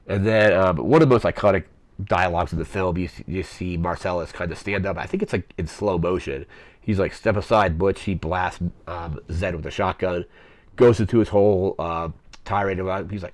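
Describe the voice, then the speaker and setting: A young man hosts a podcast and recaps a film in a loose, rambling way, leaning on fillers as he talks. His voice sits very low. The sound is dry and close, with no room around it. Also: moderate pace, no room sound. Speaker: podcast host. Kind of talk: casual movie recap.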